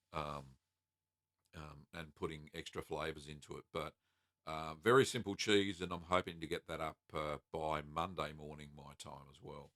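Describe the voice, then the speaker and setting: Deep-voiced Australian man, easygoing chat. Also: dry recording, clean studio sound. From South Australia. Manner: relaxed and friendly, many ums and uhs. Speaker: host of a live cheese-making Q&A. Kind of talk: casual live-stream chat reading comments.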